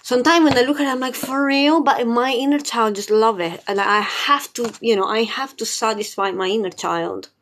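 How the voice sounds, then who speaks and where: A woman's voice: on the high side, brisk, hardly any pauses, fairly bright tone, slight background noise. A woman hosting a casual spiritual live stream, bubbly and chatty, laughing often and swearing casually. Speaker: spiritual livestream host.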